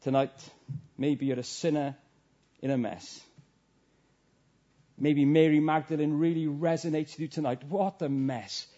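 A man's voice: on the high side, fairly even intonation, measured pace, pauses often, warm tone. A man preaching an evening sermon in earnest, rhythmic short phrases, closing in prayer. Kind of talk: evening sermon with a read-aloud story and prayer. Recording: dull lo-fi sound.

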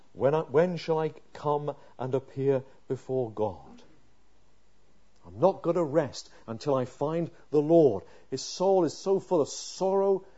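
A man with a slightly high, husky voice preaches a sermon, reading scripture and voicing the psalmist's prayers. He shifts from hushed pleading to loud, impassioned emphasis, and the audio is dull.

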